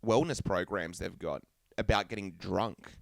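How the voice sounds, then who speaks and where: A man's voice: low-pitched, unhurried, gravelly, no room sound, studio quality. A man co-hosting a casual podcast, rambling and thinking aloud with fillers. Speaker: podcast co-host. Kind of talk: casual chat.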